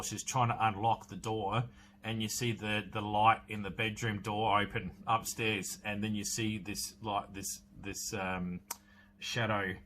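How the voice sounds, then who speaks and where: A man's voice: fairly low pitch, bright, forceful tone, a little hiss or hum. A man, hosting a podcast and casually recapping a horror film in a rambling way, full of fillers and restarts. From Australia. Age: 40s. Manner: rambling, filler-heavy storytelling with many restarts. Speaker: podcast host.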